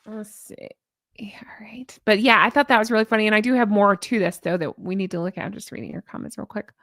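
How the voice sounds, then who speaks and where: A woman's voice: medium pitch, fast talker, a bit bright, no echo, studio quality. A woman hosting a casual live-stream commentary, chatty and gushing as she reads viewer comments aloud. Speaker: YouTube commentary host.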